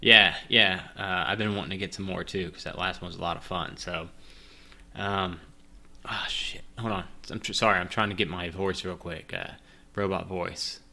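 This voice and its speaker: Bright-voiced man rambling as game master. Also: sits low, fairly even intonation, normal speed, creaky. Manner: rambling, self-deprecating, many fillers. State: drinking. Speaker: game master playing a solo gamebook. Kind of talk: casual chat and reading game narration.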